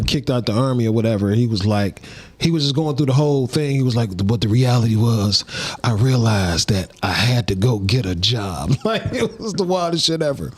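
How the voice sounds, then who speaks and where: A man, a comedian guest on a podcast, telling personal stories in casual, lively chat. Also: mid-range voice. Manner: animated storyteller, acts out phone call voices.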